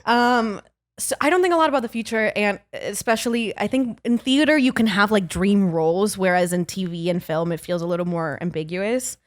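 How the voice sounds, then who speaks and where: A woman's voice: mid-range voice, brisk, no room sound, studio quality. A woman talking as a guest actor on a podcast, chatty and self-deprecating, laughing easily. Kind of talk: podcast interview chat.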